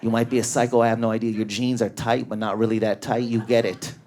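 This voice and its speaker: A man doing a stand-up comedy set in a club, riffing at high energy on an audience member. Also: little pitch movement, quick pace, darkish tone. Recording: live club with a laughing crowd. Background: audience laughter.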